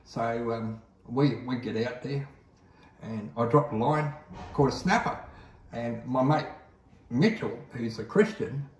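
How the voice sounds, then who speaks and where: A man's voice: mid-range voice, expressive, a little slow, far from the mic. A man with an Australian accent telling a story in a casual, rambling way, often repeating himself. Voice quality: rambling, repeats words, lots of "I says". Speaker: guest telling his testimony. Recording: echoey room, voice off-mic.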